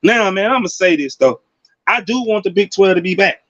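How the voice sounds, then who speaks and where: A man in his forties giving casual, slangy college football commentary, animated, with loud bursts. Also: high voice, moderate pace, no room sound, highs cut off. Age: 40s.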